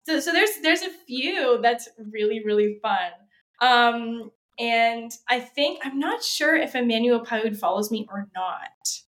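A woman's voice: a little high, lively intonation, measured pace, a bit bright. A young woman from Canada, a flutist chatting as a podcast guest, bubbly and laughing often with plenty of fillers. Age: young adult. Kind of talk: casual interview chat.

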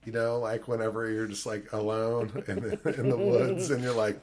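A man's voice: medium pitch, steady tone, normal speed, hardly any pauses. Male podcast host, loose rambling delivery, heavy fillers, casual profanity. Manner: rambling, swears a lot, many fillers. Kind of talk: casual chat.

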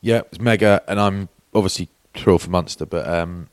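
A man's voice: sits low, a little fast, clear, resonant tone, no echo, studio quality. A middle-aged man from England, a podcast co-host, telling candid stories in casual chat with British slang. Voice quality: British slang, says "mate" and "bloke". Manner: chatty storytelling, candid and warm toward old teammates.

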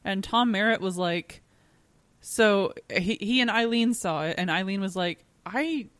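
A woman co-hosting a podcast, chatty and halting, laughing often. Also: medium pitch, fairly bright tone, no room sound. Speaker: podcast co-host. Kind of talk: casual chat.

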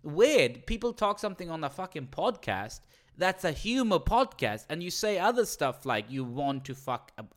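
Animated swearing male comedian. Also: a little high, moderate pace, hardly any pauses. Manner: animated, swears a lot, acts out movie quotes. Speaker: comedian, podcast co-host. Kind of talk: casual podcast chat.

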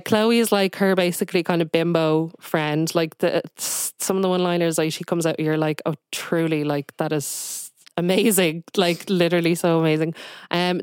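A woman's voice: fairly low pitch, clear, resonant tone, no room sound, studio quality. A woman, a guest chatting casually on a podcast and rambling with lots of fillers. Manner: rambling, heavy on "like" and "um".

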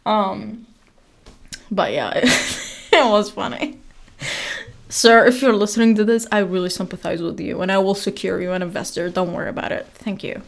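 A woman's voice: mid-range voice, normal speed, creaky. A woman of twenty hosting a podcast, chatting casually, rambling with fillers and laughing often. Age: 20s. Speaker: podcast host. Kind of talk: casual chat.

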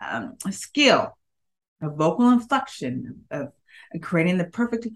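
A woman who is a public speaking coach giving an emphatic talk to her audience, often checking in with "okay?" and swinging her pitch up and down for emphasis. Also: big pitch swings, slow pace.

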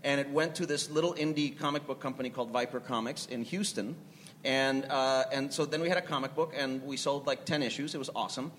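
A man's voice: mid-range voice, fairly even intonation, fairly quick, fairly bright tone, slight background noise. Rambling self-deprecating man on a panel. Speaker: panelist, TV writer and show creator. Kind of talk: anecdotal storytelling on a panel. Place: live festival panel in a large hall. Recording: reverberant hall with faint ambience.

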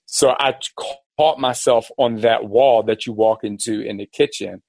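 A man hosting a podcast, telling a personal story in a rambling, animated way and acting out the voices of people in it. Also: mid-range voice, moderate pace, gravelly, no room sound. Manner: animated, rambling, acts out quoted dialogue. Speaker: podcast host. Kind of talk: casual storytelling.

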